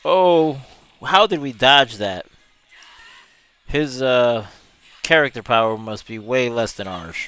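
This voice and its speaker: Guy streaming a game, clean smooth voice, chatty, laughs a lot reading chat. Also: medium pitch, expressive, slow pace, long pauses, pushed and bright, no room sound. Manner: chatty, reads chat aloud, laughs often. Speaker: gaming streamer. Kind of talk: live gameplay commentary.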